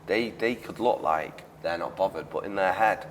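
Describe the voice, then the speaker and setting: A man's voice: deep voice, moderate pace, a little hiss or hum. A man hosting a casual interview podcast, earnest and repeating phrases for emphasis. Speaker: podcast host. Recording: echoey room, distant mic.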